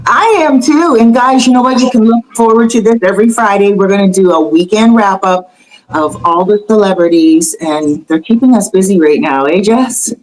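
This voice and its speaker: A woman's voice: medium pitch, moderate pace, rough recording. Chatty woman hosting a gossip show. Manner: chatty and animated, with laughter and fillers. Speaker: host. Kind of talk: casual celebrity gossip chat.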